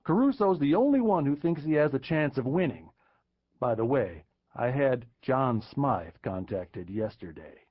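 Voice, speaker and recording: A man's voice: mid-range voice, expressive, a little slow, no room sound, highs cut off. A man voicing a calculating, businesslike political adviser. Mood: measured.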